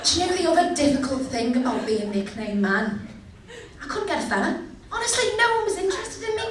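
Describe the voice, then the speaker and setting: A woman's voice: high voice, sing-song, a little fast, slight background noise. A young woman doing a cheeky, chatty stand-up set, asking the crowd questions. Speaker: stand-up comedian. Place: comedy venue. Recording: echoey venue, distant mic.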